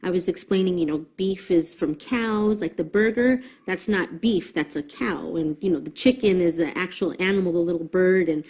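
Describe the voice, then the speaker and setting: Woman, low voice, mellow tone, earnest storytelling, faint music underneath. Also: normal speed, hardly any pauses. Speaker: mother telling her family's story. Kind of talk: documentary interview.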